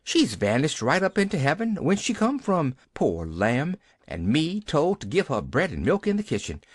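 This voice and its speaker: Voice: mid-range voice, moderate pace, no echo, clean studio sound, voice pushed up. Nancy, a reader doing a flustered rustic maid. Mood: wailing. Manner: folksy rural dialect, excitable.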